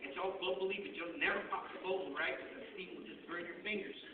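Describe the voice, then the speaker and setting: Man storyteller, high pitched, animated, heard from far off in an echoey hall. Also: brisk. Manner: animated, mixing in Spanish slang. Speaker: guest speaker telling stories. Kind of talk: humorous personal storytelling. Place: school hall. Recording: far-off, echoey, tinny with noise.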